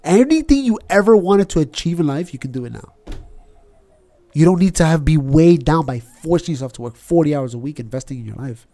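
A man in casual chat, animated and quick to slip into impressions. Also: on the high side.

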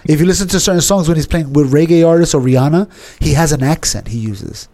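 A man's voice: a little high, fast, warm tone. A man in casual podcast chat, rambling with many restarts and fillers, calling people "bro". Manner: calls listener "bro".

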